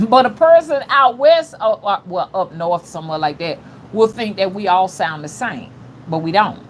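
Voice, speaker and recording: Chatting with viewers and reading their comments on a livestream, this middle-aged spiritual rootworker speaks with an older-generation Alabama Southern accent, folksy and repetitive, often saying "you know what I'm saying." Her medium-pitched voice is animated at a moderate pace, with a little hiss or hum in the recording.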